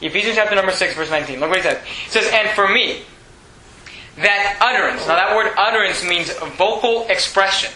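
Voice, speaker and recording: A man's voice: high-pitched, fairly quick, a crowd in the background. A man preaching a sermon as pastor, emphatic and repetitive, in a church sanctuary. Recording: echoey room.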